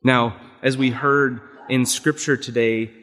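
A man's voice: medium pitch, fairly even intonation, slow pace, a bit bright. A man with a Canadian accent, a deacon reading scripture and giving a homily, earnest and reflective, sounding nasal and stuffy from a head cold. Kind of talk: sermon. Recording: long hall reverb.

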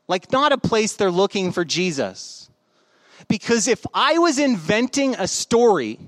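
A man preaching a sermon in a relaxed, conversational way, telling stories with humor. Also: high voice, no echo. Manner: conversational, joking storyteller. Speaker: pastor.

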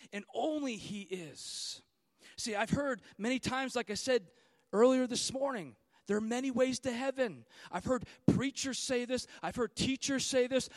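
A man with a very high voice preaches a sermon in church. He builds to loud, repeated declarations, then drops into casual asides to his congregation. The sound is close and dry. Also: no room sound. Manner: rises to loud emphatic repetition.

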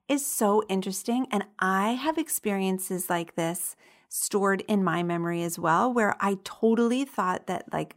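This woman hosts a show and reads listener stories out loud in an easy, chatty way. She giggles a lot, and her voice sits at an ordinary middle pitch. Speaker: podcast host. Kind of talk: casual reading of listener stories.

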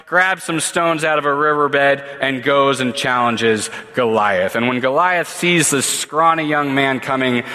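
Bright-voiced man preaching in a reverberant hall. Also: on the high side. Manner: lively, casual retelling with asides. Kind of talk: sermon storytelling.

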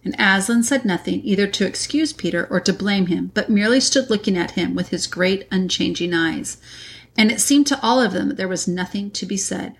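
A woman reading a classic children's novel aloud in a measured, deliberate way. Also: mid-range voice. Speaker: reader. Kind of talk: audiobook narration.

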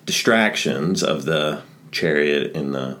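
A man's voice: extremely low pitch, expressive, slow, fairly bright tone. A man co-hosting a casual podcast discussion, speaking in an enthusiastic, reflective way. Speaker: podcast co-host.

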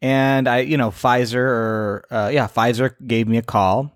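A man's voice: medium pitch, measured pace, no room sound, clean studio sound. A man co-hosting a casual podcast, teasing his co-host and telling stories with hesitations. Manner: joking, teasing, animated storytelling with hesitations.

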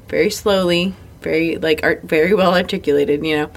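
Woman, 30s, podcast co-host, casual, candid, swears, laughs a lot, slightly low voice. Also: brisk, hardly any pauses. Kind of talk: casual chat.

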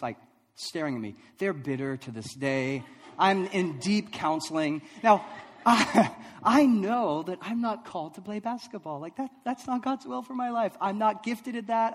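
A man preaching a sermon, telling a funny personal story with lively, self-deprecating delivery and frequent laughs. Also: high voice, big-room sound. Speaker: pastor.

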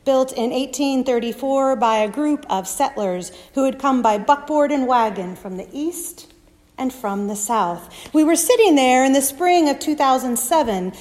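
Slow, dramatic woman preacher. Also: sits high. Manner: dramatic storytelling, dropping to hushed whispers. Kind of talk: sermon. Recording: long reverb of a large hall.

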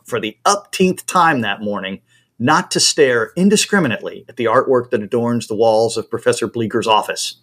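A man reading a story aloud at a brisk, expressive pace. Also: mid-range voice. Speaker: reader.

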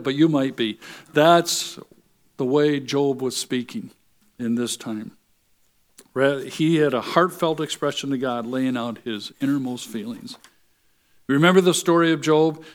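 A man preaching a sermon, reading scripture aloud and then explaining it earnestly. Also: medium pitch.

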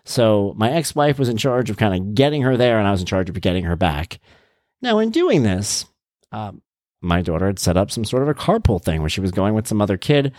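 Animated storytelling dad, dry sound. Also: male voice, on the low side, fairly quick, dry recording. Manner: animated, exasperated, acts out his kids' lines. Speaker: divorced dad telling stories. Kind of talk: casual storytelling monologue.

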